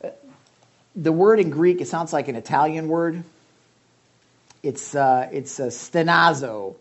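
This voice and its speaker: A man's voice: a little high, measured pace, mellow. A male pastor giving a conversational sermon, calling on listeners by name.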